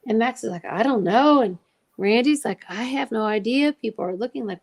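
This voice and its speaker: A woman's voice: on the high side, brisk. A woman telling an emotional personal story as a guest, acting out the voices of the people she quotes. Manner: animated, acts out quoted dialogue.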